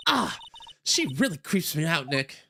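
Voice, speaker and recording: Man doing a perky, high-voiced girl sidekick. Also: very animated, a little slow, creaky, pushed and bright, a little hiss or hum, full character voice. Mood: chirpy. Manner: high, bouncy exclamations. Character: perky young woman sidekick, cheerful and blunt. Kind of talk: reading a visual novel aloud with voices.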